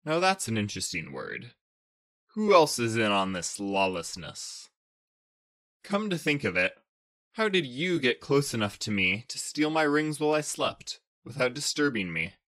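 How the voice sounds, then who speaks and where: A man's voice: mid-range voice, big pitch swings, a little slow, fairly bright tone. Storybook villain: a snarling, menacing male planet ruler, put on by a man narrator. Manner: growling, snarling, domineering. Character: huge arrogant male planet king, menacing.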